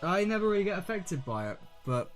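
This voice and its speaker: A young man co-hosting a podcast, chatting casually in a high voice that swoops up and down. He is playful and animated and now and then breaks into a sing-song tone. Faint music plays behind him. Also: fairly quick. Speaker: podcast co-host. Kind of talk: casual chat.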